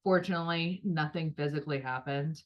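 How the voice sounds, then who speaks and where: A woman's voice: low voice, brisk, dull audio. A woman co-hosting a podcast in casual chat, rambling and talking things through with lots of filler words. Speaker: podcast co-host.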